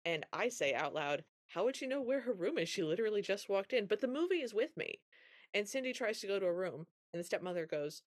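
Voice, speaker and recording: Talking at a quick pace with a fairly low pitch, a woman co-hosts a podcast. She gives a casual, lively rundown of a movie and performs the characters' quotes while telling it.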